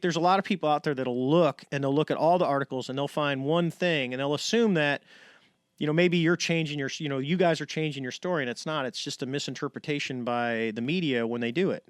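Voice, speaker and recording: A middle-aged American man speaks quickly as a podcast guest, swinging into the voices of the people he quotes. His voice sits close to the mic with almost no room sound. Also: a little high, dry recording. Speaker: podcast guest, retired navy pilot. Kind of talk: casual storytelling.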